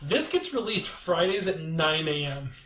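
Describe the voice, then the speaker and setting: A man's voice: fairly high pitch, big pitch swings, unhurried, a bit bright, a little hiss or hum. A man hosting a podcast in casual chat, rambling and joking, often trailing off and restarting. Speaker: podcast host. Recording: echoey room.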